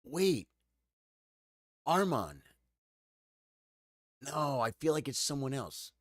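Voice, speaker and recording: A man chatting live with his viewers, tired and choked up, halting and repeating words as he talks. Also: medium pitch, very animated, dry recording, clean studio sound. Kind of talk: casual live-stream chat.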